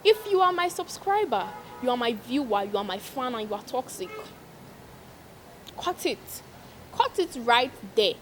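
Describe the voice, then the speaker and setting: Young woman, vlogger, emphatic, preachy, high-ish voice, faint room hum. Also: very animated, unhurried. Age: young adult. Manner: emphatic, preachy, repeats lines for stress. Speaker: vlogger giving advice. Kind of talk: casual advice monologue to viewers.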